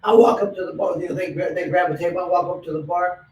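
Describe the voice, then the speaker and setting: A man's voice: high voice, steady tone, fast talker, darkish tone. A male host chatting in an interview, telling stories and acting out the lines of people in them. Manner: storytelling, acts out quoted lines. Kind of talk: casual interview chat. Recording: roomy echo, distant mic, faint noise.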